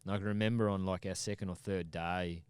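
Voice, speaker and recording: Low-voiced man telling a story. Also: fast talker, smooth, dry recording. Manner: animated, swears freely, acts out his own shouts. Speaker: podcast guest. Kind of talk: casual storytelling.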